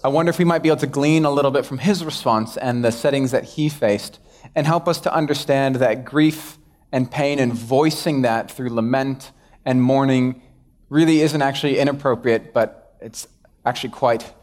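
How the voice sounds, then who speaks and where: A man's voice: medium pitch, normal speed, darkish tone. Young male pastor, conversational sermon delivery, light self-mocking humor, everyday mid-range voice. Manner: casual, self-deprecating, acts out quoted dialogue.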